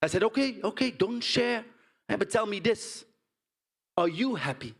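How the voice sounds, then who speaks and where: An actor with a Dutch accent plays a blunt, indignant pig farmer in a stage monologue, often tagging lines with "huh?" and "right?". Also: male voice, high voice, moderate pace, slightly rough, heavily acted. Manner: blunt, animated storytelling with frequent "huh?" and "right?" tags. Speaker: stage performer. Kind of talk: theatrical monologue.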